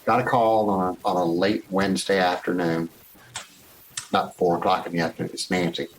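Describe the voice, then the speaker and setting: A man in his sixties, a guest telling stories from his life in a casual interview, animated and acting out old conversations. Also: sits low, brisk, slight background noise, low-quality recording. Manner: animated storyteller who acts out past conversations.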